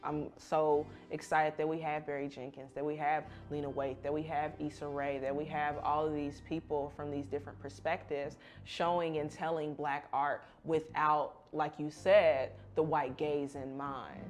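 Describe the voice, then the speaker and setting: A woman's voice: sits low, level tone, moderate pace, few pauses, soft background music. A woman host who wraps up a discussion with enthusiasm and says "y'all.". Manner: enthusiastic wrap-up, uses "y'all". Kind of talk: hosting a discussion.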